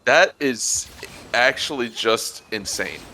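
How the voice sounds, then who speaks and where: A man's voice: medium pitch, animated, slow, bright, forceful tone. A man chatting bluntly and wryly with friends on a gaming stream. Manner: wry, blunt. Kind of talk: casual gaming stream chat.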